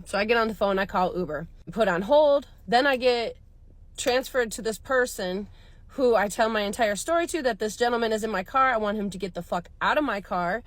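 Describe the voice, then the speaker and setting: A woman's voice: mid-range voice, moderate pace, dry recording. A woman in her thirties, a rideshare driver casually telling a story and acting out the people she quotes.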